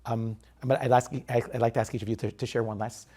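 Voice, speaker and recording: A man moderating a panel discussion, halting and restarting his words as he asks the others for stories. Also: mid-range voice, little pitch movement, mellow.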